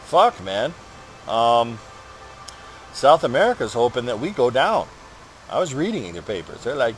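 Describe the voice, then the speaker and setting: A man's voice: medium pitch, big pitch swings, moderate pace, long pauses, a little hiss or hum. A man hosting a gaming channel, rambling through a personal update while he plays, swearing often and ranting with frustration.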